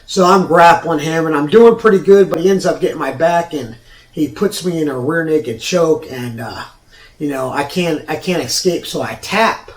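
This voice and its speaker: Host, man in his forties, swearing storyteller, slightly high voice, recorded at a distance. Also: normal speed. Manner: profane, rambling, frequent restarts. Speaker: show host. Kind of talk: personal storytelling. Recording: roomy sound from off mic.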